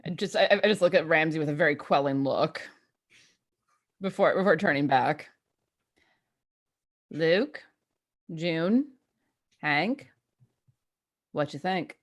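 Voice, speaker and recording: A woman playing a tabletop horror game, speaking in a tense, steady, deliberate way. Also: low-pitched. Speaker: player.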